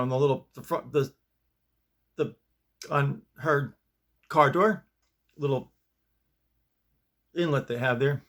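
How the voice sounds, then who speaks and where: A man's voice: a little high, a bit bright. A man hosting his own video show, telling a story in a casual, rambling way with many restarts, recorded in his bedroom. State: shaken up. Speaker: host.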